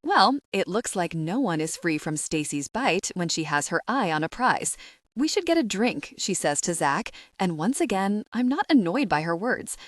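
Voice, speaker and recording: A woman's voice: lowish voice, expressive, moderate pace, hardly any pauses, dry recording, clean studio sound. A woman narrating a first-person romance audiobook with a wry, sassy storytelling manner.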